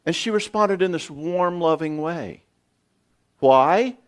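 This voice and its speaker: A man in his sixties, a psychologist giving a folksy, animated seminar talk on marriage, often acting out conversations. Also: fairly high pitch, takes it slowly, smooth. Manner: animated, folksy, acts out dialogue. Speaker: psychologist and speaker.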